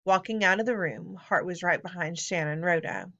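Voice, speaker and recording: A woman reading a children's novel aloud as scripted narration, with expressive storytelling. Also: lowish voice, moderate pace, dull audio. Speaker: audiobook narrator.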